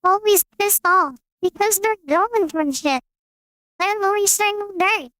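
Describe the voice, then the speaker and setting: A man putting on a silly, very high voice for a goofy rambling character, joking crudely. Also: unhurried, bright, forceful tone, a little hiss or hum, full character voice.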